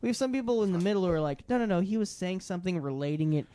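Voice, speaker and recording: A man's voice: high-pitched, lively intonation, rapid-fire, warm tone, clear, resonant tone. A young man co-hosting a podcast, explaining his views in a thoughtful, opinionated way. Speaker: podcast co-host. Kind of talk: casual chat.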